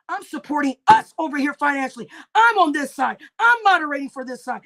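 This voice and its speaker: A woman hosting a livestream, ranting angrily, swearing heavily and breaking into shouts. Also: high-pitched, expressive, fast talker, few pauses. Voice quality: heavy cursing, shouting bursts. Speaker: livestream host. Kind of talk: angry livestream rant.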